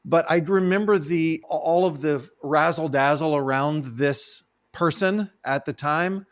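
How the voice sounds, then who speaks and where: Playful man with a higher voice. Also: unhurried. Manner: playful, theatrical rants. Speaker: movie review podcast co-host. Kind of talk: casual film discussion.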